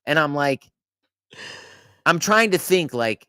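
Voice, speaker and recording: This podcast host has a fairly high, clean-toned voice and takes things slowly as he tells a long story in casual conversation. Animated, he restarts sentences, swears, and laughs partway through, and the studio-quality audio carries no room sound.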